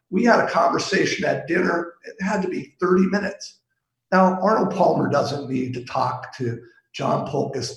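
A middle-aged man from Pittsburgh, a sales executive guest, telling golf stories in a relaxed, anecdotal way with lots of fillers. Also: fairly high pitch, gravelly, echoey room, rough recording. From Pittsburgh, USA. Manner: warm anecdotal, chuckles, trails off with fillers. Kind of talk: casual storytelling.

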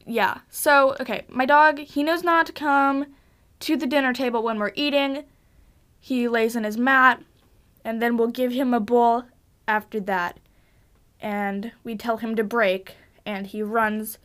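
A young woman hosting a casual solo podcast from her basement at home, chatting in a bubbly, gushing, rambling way with lots of fillers. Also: high-pitched. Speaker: podcast host.

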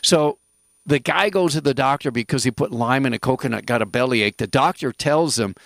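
Gravelly man hosting a radio health show. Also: mid-range voice, a little fast, fairly bright tone, dry recording. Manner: rambling, jokey, emphatic asides. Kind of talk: casual radio talk.

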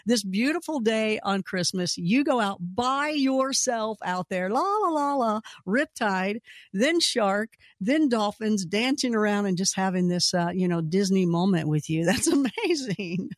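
A woman hosting a conversational podcast, quick to joke and laugh. Her voice sits at a middle pitch. The recording is close and dry with no room sound. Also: expressive, no echo. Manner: playful, joking, laughs often. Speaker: podcast host. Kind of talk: conversational interview.

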